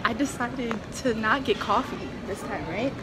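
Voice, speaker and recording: A woman's voice: fairly high pitch, moderate pace, music in the background, crowd noise. A young woman from Maryland chatting casually in a travel vlog, giggling often as she talks. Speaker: vlogger. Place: airport and outdoors while traveling. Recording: noisy travel background.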